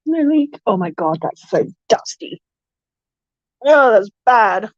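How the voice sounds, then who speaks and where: A woman's voice: fairly high pitch, sing-song, takes it slowly, no echo, dull audio. A woman streaming casually while tending her fish tanks, chatty and self-deprecating, cooing to her fish. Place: home room with fish tanks.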